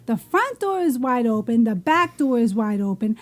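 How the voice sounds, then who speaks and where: A woman co-hosting a podcast, telling a story in a casual, animated way and swearing a lot. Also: on the high side, normal speed. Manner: profane, animated, emphatic. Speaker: podcast co-host.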